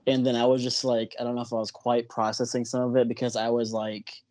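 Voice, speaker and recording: A man hosting a film podcast, chatting casually in a halting, hedging way. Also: medium pitch, little pitch movement, a little mellow. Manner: halting, hedging, trails off in restarts. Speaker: podcast host.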